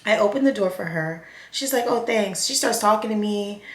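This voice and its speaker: A young woman chats through a messy storytime while putting on her makeup. She talks in a lively, animated way and acts out everyone's lines. The sound bounces around an echoey room. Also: medium pitch, fairly quick, a little hiss or hum. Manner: chatty, animated, acts out quotes. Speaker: vlogger.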